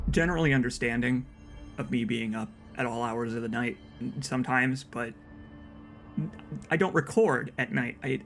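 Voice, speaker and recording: A man's voice: medium pitch, fairly bright tone. A young man giving casual let's play commentary, rambling and stumbling over repeated words as he talks.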